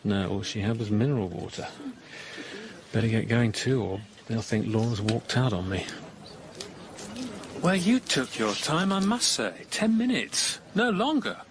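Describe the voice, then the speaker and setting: A man's voice: mid-range voice, expressive, a little slow, crowd noise. An actor in his thirties playing a sardonic husband with a dry, mocking humour in a radio drama. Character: wry, sardonic English husband on holiday. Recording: radio broadcast with hiss.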